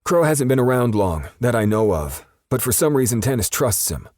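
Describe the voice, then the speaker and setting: A man's voice: mid-range voice, very animated, takes it slowly, a bit bright, no echo, studio quality, pitched above the performer's own voice. A man voicing a frightened young male captive who stammers and pleads, in an audiobook. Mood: terrified.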